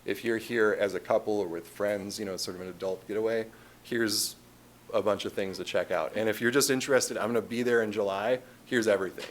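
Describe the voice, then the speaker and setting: Talking briskly in a lowish voice, a Chicago-accented man lays out a tourism marketing plan for the city council. The setting is the council chamber, with slight background noise, and he sounds relaxed, with many fillers and false starts.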